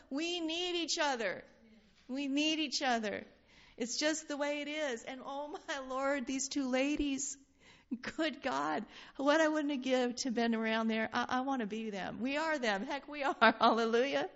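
A woman leading an informal Bible study, reading scripture aloud and talking in an animated, laughing way. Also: sits high, a little slow. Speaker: Bible teacher. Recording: dull lo-fi sound.

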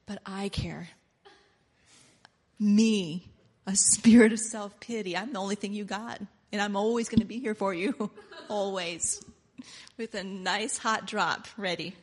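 Coaxing, hushed demon of self-pity, voiced by a woman; intimate and wheedling. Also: mid-range voice, fairly even intonation, measured pace, in a large hall, natural voice.

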